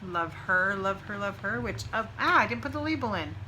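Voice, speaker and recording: A woman's voice: mid-range voice, lively intonation, moderate pace, sharp tone, slight background noise, poor audio. A middle-aged woman co-hosting a knitting podcast, chatting casually with rambling asides and frequent laughs. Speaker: podcast co-host.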